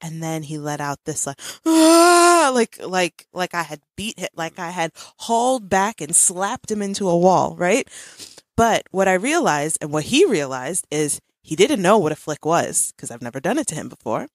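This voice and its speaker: A woman's voice: lowish voice, normal speed, no room sound. A woman in her thirties hosting a podcast, telling a family story in casual chat with lots of laughter. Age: 30s. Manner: animated storytelling with frequent laughs. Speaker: podcast host.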